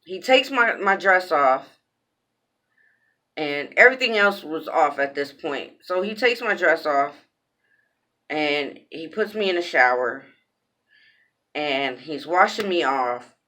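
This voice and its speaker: A woman with a somewhat low, forceful voice talks slowly through a personal story for a vlog. She curses bluntly and leans on repetition, her delivery raw and emphatic. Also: animated. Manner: blunt, heavy cursing, repeats phrases.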